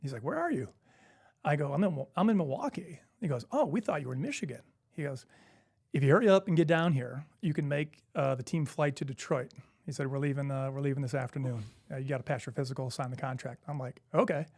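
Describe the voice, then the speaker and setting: Fast and creaky, a mid-range male voice comes through a dry, studio-quality recording. The speaker is a middle-aged former basketball player swapping casual stories as an interview guest, animatedly voicing the people he quotes.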